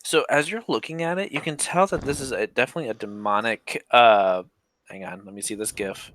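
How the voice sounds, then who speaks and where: A man narrating as game master, relaxed and unhurried, with small slips. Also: medium pitch, slight background noise.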